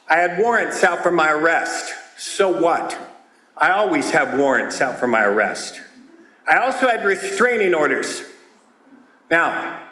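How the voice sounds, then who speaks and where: High, animated man in a roomy hall. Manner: loud, animated storytelling with voiced characters. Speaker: speaker at a twelve-step meeting. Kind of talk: comedic recovery talk. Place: meeting hall. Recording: roomy hall with audience laughter.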